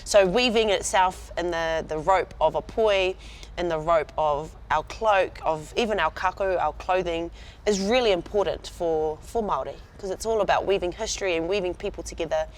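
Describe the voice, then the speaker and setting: A woman's voice: lowish voice, normal speed. A woman in her thirties with a New Zealand accent, chatting as an interview guest and sounding proud and laughing easily. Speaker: rugby player guest. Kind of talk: relaxed interview chat. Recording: faint background noise.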